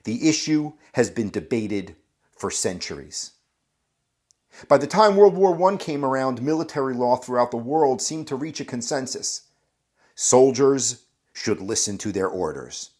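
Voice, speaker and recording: A man's voice: mid-range voice, animated, a little slow, a little mellow. A man hosting a podcast, telling a story in a scripted, dramatic way and talking straight to the listener. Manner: dramatic, addresses the listener directly. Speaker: podcast host.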